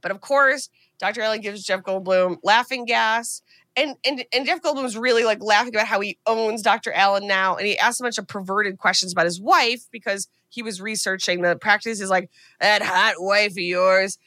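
A woman podcast co-host recapping a movie in a casual, profane, animated storytelling way. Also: medium pitch, fairly quick, no room sound.

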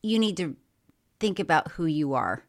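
A woman co-hosting a podcast in casual chat, laughing often and talking in a playful, animated way. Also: sits low, moderate pace. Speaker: podcast co-host.

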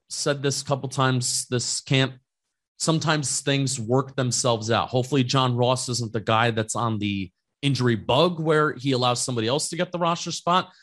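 A man's voice: mid-range voice, fairly bright tone. Young man co-hosting sports talk. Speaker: podcast co-host.

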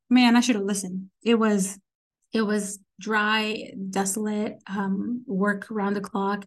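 A woman's voice: medium pitch, a little slow. A woman in her forties, a podcast guest, telling stories casually and acting out the people she quotes. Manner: animated, quotes people in acted voices. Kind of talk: casual storytelling interview.

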